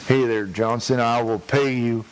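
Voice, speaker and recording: A man doing a slow, drawling redneck storyteller. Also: medium pitch, steady tone, noisy background, lightly acted. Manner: drawling, hesitant, full of uh and restarts; crude, chuckles at his own story. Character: rambling folksy redneck man, crude and long-winded. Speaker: prank caller telling a joke. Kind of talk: rambling prank-call joke telling.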